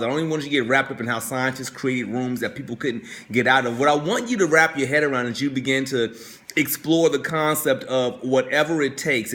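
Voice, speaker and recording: A man's voice: mid-range voice, a bit bright. A male coach telling a story in a motivational talk, talking conversationally, repeating words and often asking "right?". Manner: conversational, keeps checking in with "right?".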